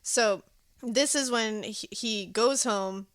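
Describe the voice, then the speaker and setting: A woman's voice: fairly high pitch, slow, no echo. Chatty woman podcast host recapping a movie, lots of laughs, dry close mic. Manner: animated, laughing, acting out quotes. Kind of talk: casual chat recapping a film.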